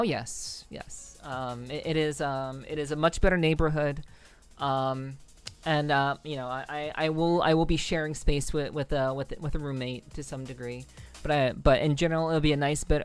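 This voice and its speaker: Smooth-voiced rambling young woman streamer. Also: deep voice, fairly even intonation, normal speed, soft background music. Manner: rambling, frequent restarts. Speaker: live streamer. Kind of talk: casual chat with viewers.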